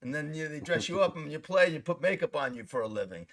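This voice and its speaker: A middle-aged man, an actor, telling stories in a casual interview, animated and swearing freely. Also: a little high, fast talker.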